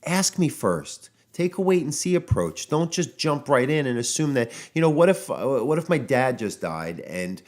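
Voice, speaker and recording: A man's voice: medium pitch, sing-song, moderate pace, hardly any pauses, darkish tone. A man hosting a podcast as a dog trainer, talking casually and getting exasperated, with many fillers and restarts. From United States. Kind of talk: casual solo podcast monologue. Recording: audio-only podcast.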